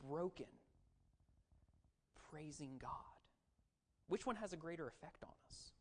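A preacher giving a sermon in a conversational way, asking the audience questions and adding self-deprecating jokes. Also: mid-range voice. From raised as a Baptist missionary and pastor's kid.

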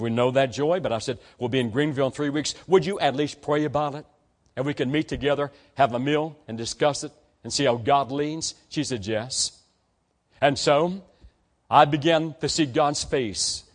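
An older man preaching a sermon to students, telling a story and acting out the dialogue, rising to emphatic peaks and dropping low.

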